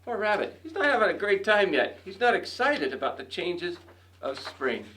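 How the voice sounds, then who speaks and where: A male educator hosting and reading a children's story aloud, chatting gently to the kids between pages. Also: high-pitched, sing-song, normal speed, a little hiss or hum.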